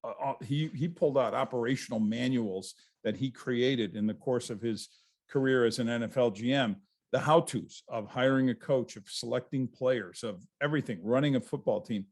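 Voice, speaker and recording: A man's voice: medium pitch, normal speed, a little mellow. A man, a guest author, telling stories in a casual interview over a video call, rambling and restarting his sentences.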